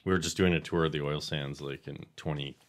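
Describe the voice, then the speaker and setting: Deep-voiced man telling a story. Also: fairly quick. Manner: animated storyteller, swears freely. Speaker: podcast guest. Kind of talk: casual storytelling chat.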